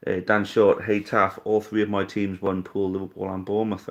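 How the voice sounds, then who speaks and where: A man's voice: deep voice, level tone, moderate pace. A man in his thirties hosting a live stream, casually reading out viewer comments and answering in a blunt, jokey, sweary way. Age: 30s. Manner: laid-back, blunt and jokey, swears freely.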